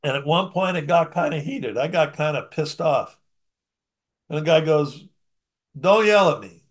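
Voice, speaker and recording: A man with a slightly high-pitched voice delivers a sermon, reading scripture aloud and then unpacking it in plain, conversational talk. He swings between emphatic, raised bursts and soft, almost mumbled asides. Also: moderate pace. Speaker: preacher.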